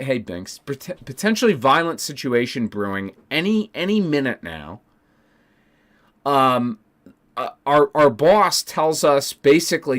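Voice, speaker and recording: A man's voice: mid-range voice, a bit bright. A man telling a story to his stream chat, ranting with heavy profanity and emphatic repeats. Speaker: Twitch streamer.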